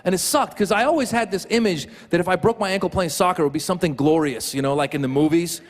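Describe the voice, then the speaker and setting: A man performing a stand-up set, telling self-mocking stories in an animated way. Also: high-pitched, fast. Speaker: stand-up comedian. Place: comedy stage. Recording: echoey venue with loud audience.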